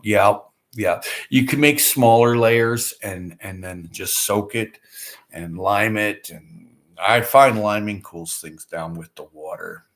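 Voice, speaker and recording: A man's voice: fairly low pitch, slow pace, a bit bright. A middle-aged man hosting a casual livestream, chatting in a rambling, folksy way full of fillers and restarts. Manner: rambling, folksy, with many fillers and repeated starts. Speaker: livestream host. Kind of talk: casual chat reading viewer comments.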